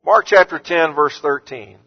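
Male pastor, high voice, earnest sermon delivery, dull lo-fi recording. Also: measured pace. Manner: earnest, rising to emphatic when quoting Jesus.

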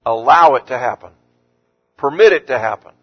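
A man's voice: medium pitch, lively intonation, moderate pace, breathy edge, muffled recording. A man preaching a sermon, earnest and rising to emphatic force on the scripture he quotes. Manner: earnest, rising to emphatic when quoting Jesus. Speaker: pastor.

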